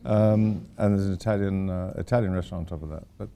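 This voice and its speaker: A man's voice: sits low, fairly even intonation, quick pace, vocal fry, mellow. An older man giving an informal architecture lecture to students, rambling with wry, self-deprecating asides. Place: lecture hall at a university.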